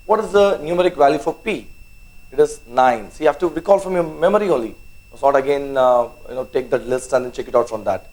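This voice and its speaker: A man teaches a maths lesson in a slightly high voice, spelling words out one letter at a time. He keeps asking "okay?" and coaxes his students to work along. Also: darkish tone, poor audio. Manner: coaxing, urges students on. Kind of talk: online lesson.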